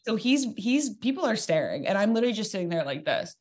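A young adult woman comedian telling a dating story in casual podcast chat, animated and joking, with quick asides. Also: medium pitch. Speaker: comedian guest.

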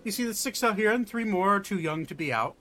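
A man's voice: high voice, expressive, fast talker, pushed and bright, pitched above the performer's own voice. A man voicing an elderly, slim elven nun who runs an orphanage and speaks politely and hesitantly. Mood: gentle.

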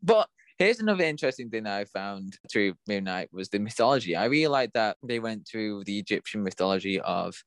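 A man with an English accent, chatting casually on a review podcast in a fairly low voice. The recording is dry and close, and he rambles as he thinks out loud. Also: very animated, brisk, few pauses, dry recording. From England. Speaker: podcast co-host.

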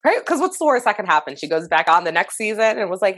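A woman's voice: medium pitch, big pitch swings, fast, a bit bright, no echo. A woman co-hosting a casual chat, blunt, swearing a lot and laughing often.

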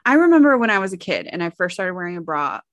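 A woman's voice: lowish voice, sing-song, fast talker, no room sound, dull audio. A woman co-hosting a casual chat, reading out questions and answering frankly, with lots of fillers and giggles.

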